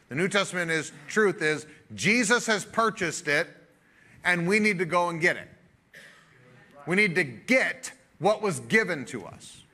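A male pastor preaching a sermon in an energetic, joking and emphatic conversational way. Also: fairly high pitch.

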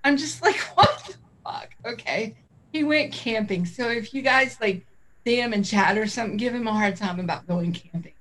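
A woman's voice: fairly high pitch, normal speed, a bit bright. A middle-aged woman co-hosting a livestream in casual chat, rambling, laughing often and getting easily sidetracked. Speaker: co-host of a vaping livestream.

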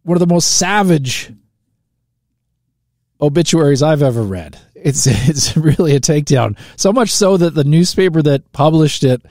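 A man's voice: on the high side, expressive, normal speed, darkish tone, no room sound, studio quality. A man hosting a live talk radio show, chatting casually and joking, with lots of fillers and restarts. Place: radio studio.

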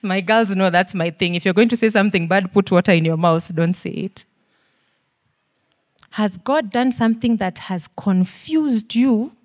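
Earnest, pleading Kenyan woman preacher. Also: medium pitch. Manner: earnest, pleading, rapid questions, shifts from whispers to emphatic pushes. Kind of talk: sermon.

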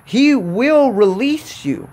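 A man with a notably high speaking voice delivers a sermon. He exhorts earnestly, circling back over his phrases and stumbling into restarts as he presses his point. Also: expressive, takes it slowly, a little mellow. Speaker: preacher.

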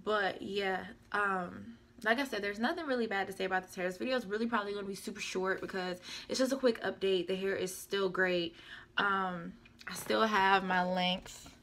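A young beauty vlogger chats casually through a product update, rambling and often correcting herself. Her medium-pitched voice is steady and a bit bright, at a moderate pace.

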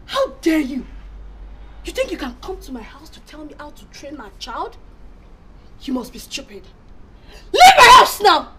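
A middle-aged woman playing a furious, domineering mother who shouts and hurls insults. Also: high-pitched, sing-song, moderate pace, pauses often, a little hiss or hum, poor audio. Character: furious domineering mother defending her home.

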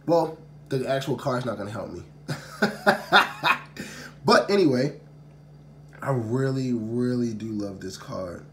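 A man's voice: mid-range voice, lively intonation, normal speed, a little mellow. A man hosting a casual, unscripted video, talking straight to the camera, often sighing and repeating himself in exasperation. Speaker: card-opening video host. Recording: crinkling packaging noise throughout.

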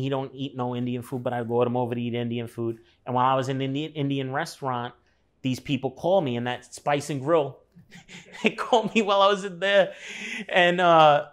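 A man in his thirties telling a personal story in a loose, rambling way, with lots of fillers and swearing. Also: medium pitch. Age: 30s. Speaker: artist guest. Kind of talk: casual storytelling conversation.

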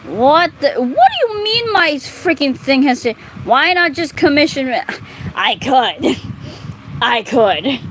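A woman's voice: high voice, very animated, slow pace. A woman chatting casually and reading fan fiction aloud, laughing often and muttering exasperated asides. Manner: giggly, breaks into laughter often. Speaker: video creator. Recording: clear background noise.

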